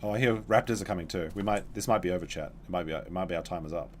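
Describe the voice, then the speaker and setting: A man's voice: deep voice, very fast, slight background noise. A man streaming a dinosaur game, rambling casually to his chat while he plays. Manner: rambling, chatty, talks to chat while playing. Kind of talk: casual gameplay commentary.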